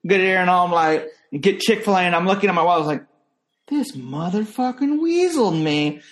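A young Northern Californian man with an American accent tells stories in casual chat, jumping into high voices for other people. He races along in a steady, slightly bright tone.

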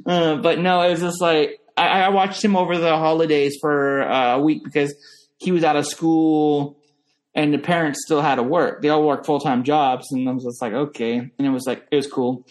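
A young man from Northern California with an American accent, telling stories in a casual chat and jumping into high voices for other people. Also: moderate pace.

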